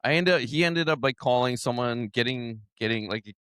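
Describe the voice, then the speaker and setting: A man in his thirties hosts a casual podcast and tells his stories with an animated, loose manner, full of "man" and "like". The sound is dry and close, with no room around it. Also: medium pitch, moderate pace, clear, resonant tone, no echo. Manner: animated storyteller, says "man" and "like" often. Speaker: podcast host.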